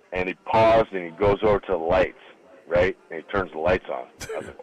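A man with a lower voice tells a long anecdote as a radio guest. He is middle-aged and acts out the people in his story, jumping up in pitch when he quotes them. It is a casual, chatty interview. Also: brisk, highs cut off. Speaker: guest, former college football lineman. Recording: radio broadcast studio.

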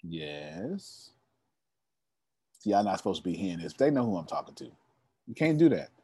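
A young man with a low, husky, warm voice speaks in a rapid-fire, sing-song rhythm, with no echo. As a motivational speaker leading a members' meeting, he tells stories in a preachy, emphatic way, addressing his listeners directly.

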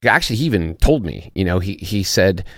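A man's voice: low-pitched, lively intonation, a little fast, a bit bright, no room sound, studio quality. A man talking as a podcast guest in casual chat, laid-back and profane, searching for his words. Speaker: podcast guest, actor and former soldier.

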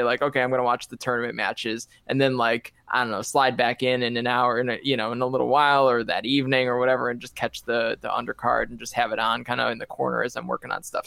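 A man speaking as a guest on a podcast, relaxed and hesitant, with many fillers. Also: mid-range voice, clean tone, no room sound, studio quality. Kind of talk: casual podcast chat.

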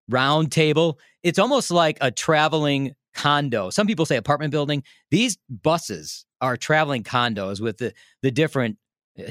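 A man telling a story in a casual, animated way, laughing often and restarting his sentences. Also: mid-range voice, no echo, clean studio sound. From Milwaukee area, United States. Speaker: radio host telling a story as a podcast guest.

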